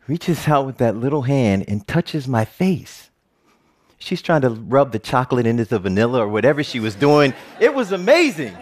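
A man's voice: a little high, a little mellow. A middle-aged man giving an earnest personal storytelling talk, with joking asides.

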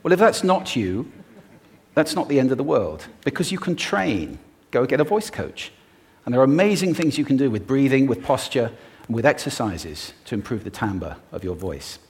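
Lively expressive man giving a talk. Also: mid-range voice, normal speed. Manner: expressive, playful, demonstrates vocal techniques. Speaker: speaker giving a talk on stage. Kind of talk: public talk on voice and speaking. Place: stage before a live audience.

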